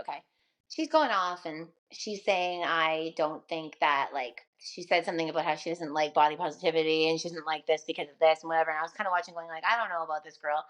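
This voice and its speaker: A young woman, a radio host, talking casually and earnestly on a podcast. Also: fairly low pitch. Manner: chatty, earnest, laughs often.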